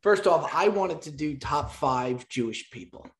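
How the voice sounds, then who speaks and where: A young man with a slightly high voice running a loose podcast. He teases his co-hosts and laughs easily as the banter goes on. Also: lively intonation, a little slow. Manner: laughs often, teasing. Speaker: podcast host.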